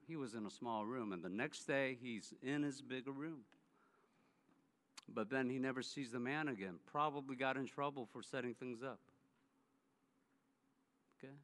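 A man's voice: a little high, normal speed, pushed and bright. A man preaching a sermon as a pastor, telling stories emphatically and acting out what people said. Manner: emphatic storytelling that acts out quoted speech. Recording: long hall reverb.

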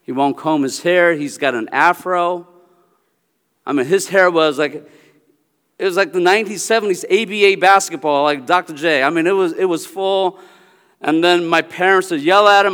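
A pastor from the United States gives a sermon and tells a personal family story in an earnest way, often checking in with "Okay?". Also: male voice, fairly high pitch, fairly bright tone. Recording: long reverberant hall sound.

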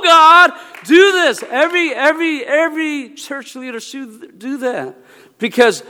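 A man who is a Presbyterian minister, giving a humorous sermon talk with animated storytelling, bursts of exclamation and laughter. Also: fairly high pitch. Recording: long reverb of a large hall.

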